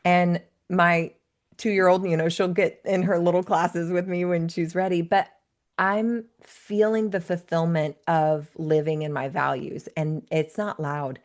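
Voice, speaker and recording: A woman's voice: fairly low pitch, flat delivery, unhurried. A woman in her thirties, a life coach and podcast guest, speaking in an earnest, reflective way. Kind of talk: conversational interview.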